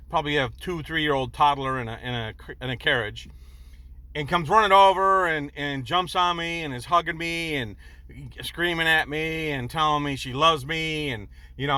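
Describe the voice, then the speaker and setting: Man, 60s, vlogger, bright voice, rambling and earnest, preachy storytelling. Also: on the high side, dry recording. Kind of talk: personal storytelling monologue.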